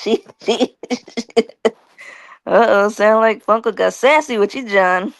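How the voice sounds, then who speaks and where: A woman's voice: mid-range voice, slow, pauses often, no room sound. A woman hosting a casual live stream, reading viewer comments aloud in a playful, teasing way and laughing often.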